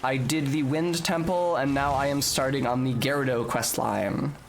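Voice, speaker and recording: A man's voice: medium pitch, fairly even intonation, normal speed, a little hiss or hum. A young man streaming a game, chatting casually and explaining at length, with the odd swear. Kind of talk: live game stream chat.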